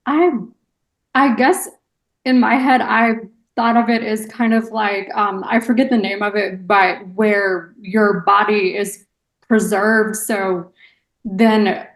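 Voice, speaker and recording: A woman's voice: mid-range voice, steady tone, slow pace. A woman chats as a guest co-host, thinking aloud and hunting for the right word. Her voice carries a noticeable room echo. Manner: thoughtful, hesitant, searching for words. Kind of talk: casual chat. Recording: echoey room.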